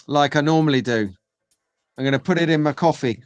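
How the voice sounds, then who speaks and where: A man's voice: a little high, brisk, smooth, dry recording, faint music behind. Chatty rambling male stream host. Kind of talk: live stream chat, reading viewer comments.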